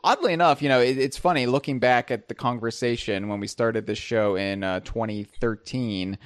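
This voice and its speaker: A man's voice: mid-range voice, moderate pace, no echo, studio quality. A man hosting a casual podcast, joking and rambling with plenty of fillers. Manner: jokey, rambling, filler-heavy. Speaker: podcast host.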